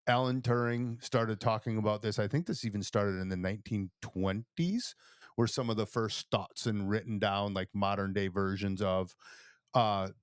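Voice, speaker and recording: A man co-hosting a podcast who explains things at length in casual chat, often checking in with "right?". His voice sits a little low. The sound is dry and close. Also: fairly even intonation, normal speed, clear, resonant tone, no room sound. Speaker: podcast co-host.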